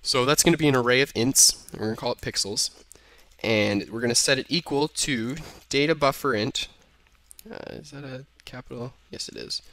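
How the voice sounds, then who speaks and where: A man's voice: mid-range voice, moderate pace, bright, forceful tone. A young man casually talking through code in a programming tutorial, thinking aloud and correcting himself as he types. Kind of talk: screen-recorded coding tutorial. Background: keyboard typing.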